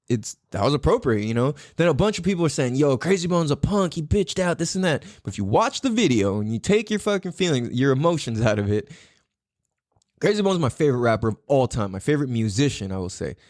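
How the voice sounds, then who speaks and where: A man hosting a podcast in casual chat, swearing freely and jumping up into a higher voice to act out what others said. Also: brisk, no room sound, clean studio sound. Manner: animated, swears a lot, acts out quotes in a higher voice. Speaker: podcast host.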